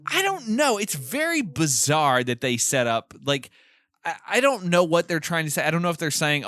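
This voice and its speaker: Bright, lively man recapping a film. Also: a little high, moderate pace, dry recording. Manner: recounts plot with amused laughs. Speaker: podcast co-host. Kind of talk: casual film recap chat.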